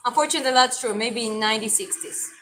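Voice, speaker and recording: Bright-voiced woman chatting on a livestream. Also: on the high side, quick pace, a little hiss or hum, rough recording. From Georgia. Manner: chatty, rambling with many restarts. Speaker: livestream host reading chat. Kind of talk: casual livestream chat.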